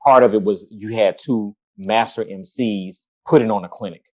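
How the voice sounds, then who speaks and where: Male co-host, low voice, rambling and relaxed, dry muffled mic. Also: moderate pace, dry recording. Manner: relaxed, rambling with many ums. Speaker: podcast co-host. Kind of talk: casual chat. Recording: dry, dull lo-fi sound.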